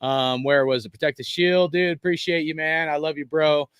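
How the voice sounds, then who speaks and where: A man with a slightly high, smooth voice hosts a podcast in a relaxed, slangy way. His voice sounds close and dry, with no room around it. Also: moderate pace, no echo, highs cut off. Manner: laid-back, grateful, slangy. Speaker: podcast host. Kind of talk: casual podcast wrap-up.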